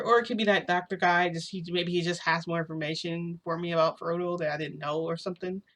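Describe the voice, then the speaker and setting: A woman's voice: lowish voice, fairly even intonation, fairly quick, fairly bright tone. A young adult woman telling a story in a casual, rambling, filler-heavy way.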